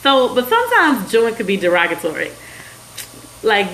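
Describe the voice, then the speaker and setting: A woman's voice: mid-range voice, sing-song, moderate pace, fairly bright tone, rough recording. Woman host, chatty and rambling livestream talk, mid-range voice, faint hiss behind. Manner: chatty, laughing, drifts off topic. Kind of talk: casual livestream chat reading viewer comments. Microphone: phone.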